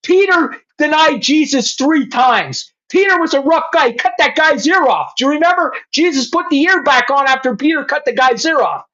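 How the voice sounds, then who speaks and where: A man's voice: extremely high pitch, expressive, normal speed, few pauses, pushed and bright. A middle-aged man, a former police chief, telling his faith story in blunt, profane words and speaking straight to the host. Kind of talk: emotional personal testimony. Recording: slightly muffled lo-fi sound.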